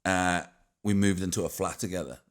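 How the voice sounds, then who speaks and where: Deep-voiced young guy hosting a podcast, rambly, swears a ton, lots of "like". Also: steady tone, fairly quick. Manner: rambling, swears a lot, many fillers. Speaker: podcast host. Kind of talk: casual chat.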